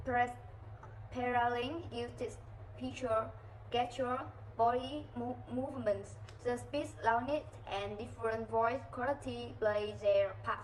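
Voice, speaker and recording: A woman student reads a class presentation, now and then cutting off mid-word. Her voice is fairly high and sounds far from the mic. Faint background noise runs under it. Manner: reads with broken-off words.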